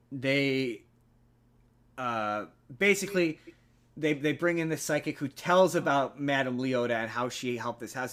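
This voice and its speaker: A man's voice: mid-range voice, a bit bright. A man hosting a podcast, casually retelling a film plot in a rambling way full of fillers. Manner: rambling storyteller, filler-heavy. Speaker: podcast host. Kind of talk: casual chat.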